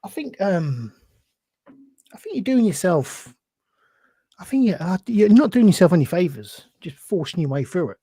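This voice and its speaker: A man in a casual podcast chat, teasing his co-host bluntly. His mellow, soft-edged voice swoops widely in pitch, recorded close and dry. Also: big pitch swings, normal speed, pauses often, breathy edge, no room sound.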